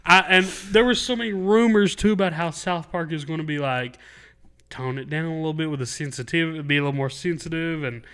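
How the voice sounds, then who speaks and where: A man co-hosting a podcast in casual chat, excitable, laughing often and trailing off mid-sentence. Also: fairly high pitch, fairly quick, clean tone. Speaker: podcast co-host.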